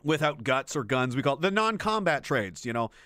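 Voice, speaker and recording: A man's voice: mid-range voice, very animated, a little fast, pushed and bright, no echo, clean studio sound. A young adult man, streaming an unscripted rant about his time as a military veteran. He talks bluntly and swears a lot, often breaking off mid-sentence and starting again. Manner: blunt and profane, with frequent trailing restarts.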